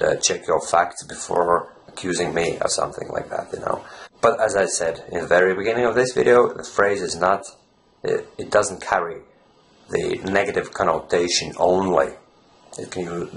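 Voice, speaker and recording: Male fluency coach, deep and gravelly, loose chatty vlog delivery with lots of fillers. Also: slight background noise. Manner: rambling, frequent "you know" fillers. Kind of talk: casual teaching vlog.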